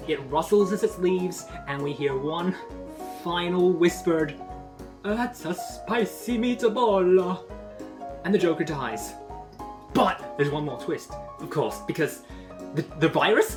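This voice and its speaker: A woman giving a casual comic book review in a sarcastic, rambling, profane manner. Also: sits low. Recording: voice over background music.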